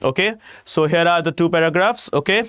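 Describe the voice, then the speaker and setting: An Indian English man with a smooth, clear voice pitched a little high, talking his students through a live online class. He speaks emphatically and keeps dropping in "okay" and "you know". The sound is dry and close. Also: brisk, fairly bright tone, no echo. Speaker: exam-prep teacher.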